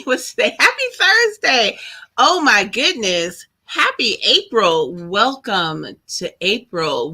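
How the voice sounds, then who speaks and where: A woman hosting a weekly business training live stream, chatting in a bubbly, excitable way and greeting viewers by name. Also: mid-range voice. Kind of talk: casual live-stream welcome chat.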